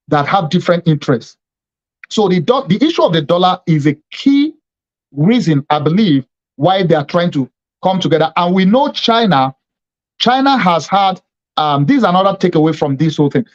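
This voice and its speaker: A bishop hosting a TV program, giving emphatic political commentary and repeating points to drive them home. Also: male voice, high voice, lo-fi sound.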